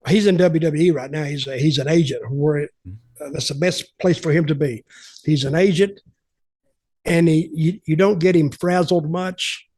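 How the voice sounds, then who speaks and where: An older man with a slightly high voice tells wrestling stories on a podcast in casual, animated fashion, acting out other people's lines. The recording has no echo.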